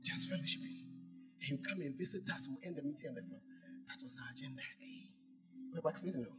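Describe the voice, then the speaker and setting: A man preaches with a high, bright, cutting voice. He scolds and teases his congregation, jumping from shouts to near-whispers. Soft music plays faintly behind him. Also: quick pace. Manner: swings from shouting to hushed, teasing the congregation. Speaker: pastor. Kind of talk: sermon.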